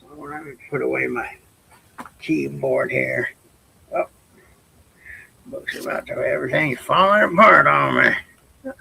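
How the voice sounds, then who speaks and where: A man's voice: medium pitch, slow pace, vocal fry, pauses often, background noise. An older man reading a children's story aloud as a grandfather, with folksy, chatty asides.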